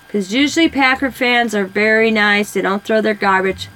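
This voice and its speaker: A woman's voice: mid-range voice, normal speed, fairly bright tone, poor audio. A woman, telling rambling stories in casual chat while coloring for her craft vlog. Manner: rambling, chatty storyteller. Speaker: craft vlogger.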